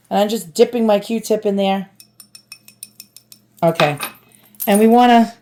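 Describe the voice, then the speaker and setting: A woman's voice: medium pitch, mellow. A woman with a New York accent chatting casually to viewers while cleaning an antique at home, self-deprecating and talkative. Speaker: antiques restoration vlogger. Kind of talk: casual restoration vlog.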